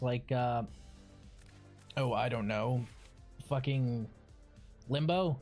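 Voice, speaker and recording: A young man streaming a game, rambling casually and swearing now and then. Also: on the high side. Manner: rambling, swears, loud squeals. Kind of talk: casual gaming commentary.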